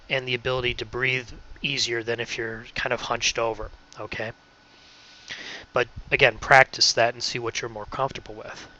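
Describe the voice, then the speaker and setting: Bright-voiced man coaching volunteers. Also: mid-range voice. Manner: encouraging, checks in with frequent "okay?". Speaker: volunteer trainer. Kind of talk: instructional presentation. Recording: dull lo-fi recording.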